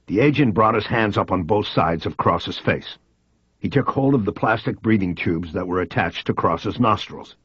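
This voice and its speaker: A man reading a crime thriller aloud in measured first-person narration. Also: fairly low pitch, expressive, slightly rough, no echo, highs cut off. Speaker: audiobook narrator.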